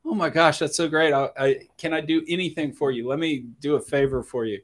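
A man's voice: a little high, steady tone, brisk, lightly acted. Gushing grateful elephant, as a man tells a joke.

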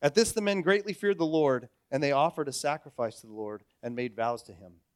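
A man in his forties preaching a sermon, telling stories in a lively way and acting out the people in them. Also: on the high side, brisk, no echo, clean studio sound. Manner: animated storytelling, acts out characters. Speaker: pastor.

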